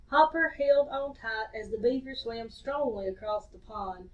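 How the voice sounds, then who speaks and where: A woman reads a children's story aloud in a cheerful, expressive way. Her voice sits high. The recording sounds dull and comes from some distance from the mic. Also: normal speed, few pauses.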